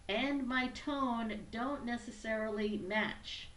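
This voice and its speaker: A woman's voice: mid-range voice, a little slow. A woman presenting a business training tutorial in an upbeat, conversational teaching manner. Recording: roomy echo, distant mic, faint background noise.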